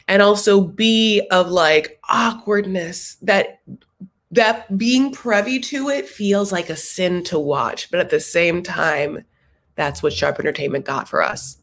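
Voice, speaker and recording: A sassy woman hosts a casual TV recap, chatting animatedly. Her voice sits in a middle pitch, and she talks in an easy, playful way. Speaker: host.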